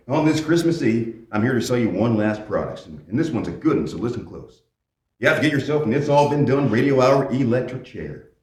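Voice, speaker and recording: An actor playing a folksy cowboy pitchman in a comedy radio play, with hokey salesman patter and a twang. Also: roomy sound, close to an everyday voice. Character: folksy cowboy pitchman, adult man, cheerfully oblivious.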